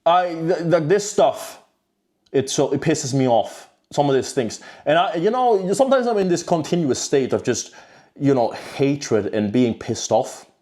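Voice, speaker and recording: A man's voice: a little high, sing-song, measured pace, warm tone. Blunt, profane man ranting. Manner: blunt, profane, rambling with many restarts. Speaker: self-improvement vlogger. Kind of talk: casual monologue to camera.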